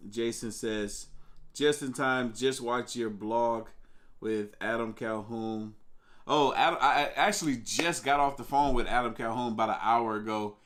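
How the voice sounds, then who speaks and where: A man hosts a live stream from a desk microphone. He talks in a loose, chatty way and greets viewers one by one. His voice sits a little low. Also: a bit bright. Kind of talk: casual live stream chat.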